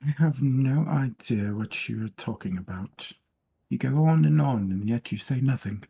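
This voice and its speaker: A man's voice: mid-range voice, expressive, measured pace, vocal fry, mellow, breathy edge. A playful man co-hosting a podcast in casual chat, laughing often. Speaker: podcast co-host.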